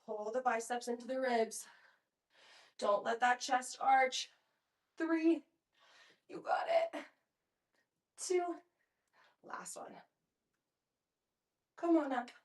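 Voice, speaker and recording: A woman's voice: sits high, fairly even intonation, slow pace, long pauses, recorded from a distance. A young woman leading a home pilates workout, counting reps and cheering people on between breaths. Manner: encouraging, counting reps, chatty asides. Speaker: pilates instructor. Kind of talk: guided workout instruction. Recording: echoey room, voice off-mic.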